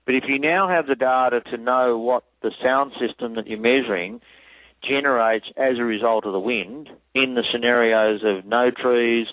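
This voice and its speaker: A man explains technical measurements in a methodical, measured way. His voice sits at an ordinary pitch. It comes through dry and thin, like a tinny phone line. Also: dry recording. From Australia. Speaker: acoustic engineer guest.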